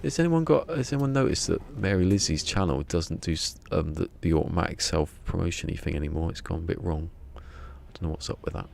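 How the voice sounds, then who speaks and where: Gravelly deep-voiced streamer. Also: male voice, fairly quick, few pauses, darkish tone, slight background noise. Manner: rambling, self-mocking banter. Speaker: game streamer. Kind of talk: casual live-stream chat.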